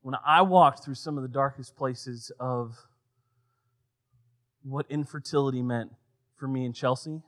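A man preaching a sermon, swinging between loud emphatic lines and quiet, soft passages. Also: medium pitch, unhurried, pauses often. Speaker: pastor.

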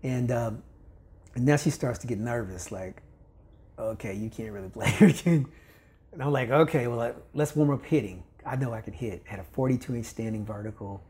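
An older volleyball coach from Kentucky, on a podcast as a guest, talks fairly quickly in a mid-range voice. He recounts a story casually and animatedly, doing the voices of the characters and laughing a lot.

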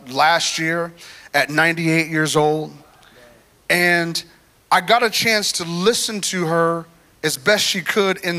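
A man preaching a sermon in a church, telling his own story in a lively, chatty way and drawing in the congregation. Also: on the high side. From United States. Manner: animated, conversational, talks to the crowd. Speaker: guest preacher.

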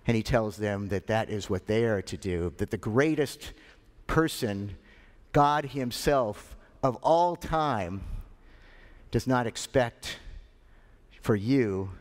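A male pastor preaching a sermon, retelling scripture with animated delivery and dramatic pauses. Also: fairly low pitch, big-room sound. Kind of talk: sermon storytelling.

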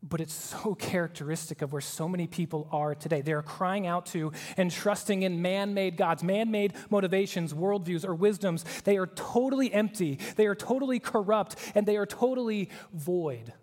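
High-voiced preacher in a reverberant hall. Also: male voice, moderate pace, few pauses. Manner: earnest, emphatic preaching with shifts to hushed tones. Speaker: pastor. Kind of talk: sermon.

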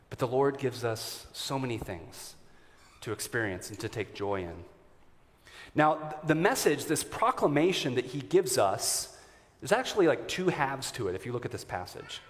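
A man preaches to his congregation as their pastor, earnest and warm, his voice sitting at a middle pitch. He stumbles now and then with fillers and small restarts. His words ring out with the long reverb of a church hall. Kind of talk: sermon. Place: church sanctuary.

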